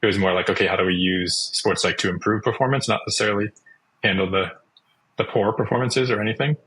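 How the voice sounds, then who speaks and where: A young man with a lowish voice talks casually and chattily. He fills his speech with "like" and acts out little quotes as he goes. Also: fast talker, a bit bright, poor audio. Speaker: guest. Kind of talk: casual interview talk.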